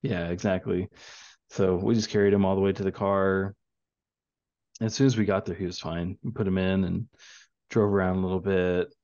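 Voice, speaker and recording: A man's voice: low voice, a little mellow, no room sound, highs cut off. A young man and father telling a casual story with lots of fillers and restarts. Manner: rambling storyteller with many fillers. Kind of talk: casual chat.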